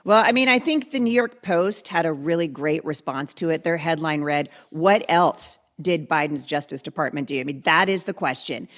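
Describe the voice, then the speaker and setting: A woman's voice: deep voice, lively intonation, moderate pace, few pauses, a bit bright. A woman guest commentator on a political talk show, speaking in an emphatic, indignant way.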